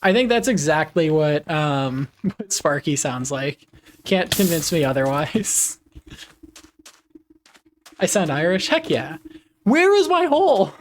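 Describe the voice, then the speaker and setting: A man's voice: fairly high pitch, lively intonation, takes it slowly, long pauses, a little hiss or hum. A man chatting casually with his viewers on a live game stream, laughing often.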